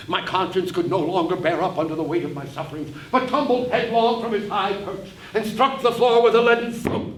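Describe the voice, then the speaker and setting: Male actor narrating a one-man play, wry and measured; distant mic, roomy hall, faint hiss. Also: high-pitched, steady tone. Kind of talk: theatrical storytelling on stage. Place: theater stage before an audience.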